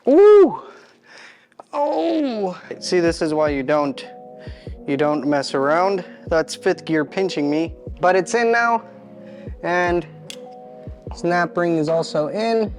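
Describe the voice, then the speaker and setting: Chatty man narrating a hands-on repair. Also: fairly high pitch. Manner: chatty, self-deprecating, talks to himself mid-task. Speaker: home mechanic channel host. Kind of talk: casual how-to narration while working.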